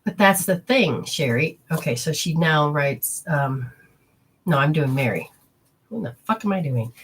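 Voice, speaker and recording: A woman's low, slightly rough voice carries a casual spiritual healing lesson, delivered a little slowly yet with animation. Addressing her listeners head-on, she explains each step in a wandering, instructive style.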